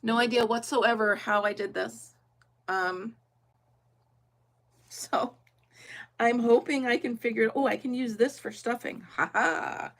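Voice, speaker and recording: A woman's voice: fairly high pitch, steady tone, unhurried, pauses often. A middle-aged woman chatting casually and laughing often as she crafts on a livestream, thinking aloud and talking to her viewers. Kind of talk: casual chat while crafting.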